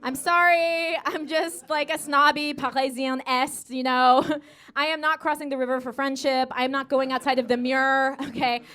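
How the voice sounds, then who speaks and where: An American woman in her thirties performs stand-up before a live comedy club audience, tossing off rapid, sassy asides full of "okay"s and doing gushing put-on voices for people she quotes. Her voice is high and fairly bright, with a level tone.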